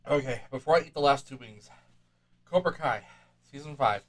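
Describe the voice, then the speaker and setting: A man's voice: mid-range voice, normal speed. A man hosting a casual podcast, groaning and exclaiming as he talks. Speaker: podcast host. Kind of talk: casual chat.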